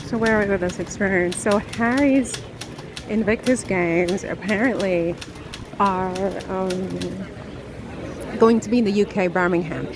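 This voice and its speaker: A woman's voice: mid-range voice, unhurried. A woman vlogging as she walks outdoors, talking theatrically and dramatically, swinging between playful and indignant. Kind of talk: casual vlog, walking outdoors. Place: outdoors by a river in a city. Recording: outdoor street noise behind.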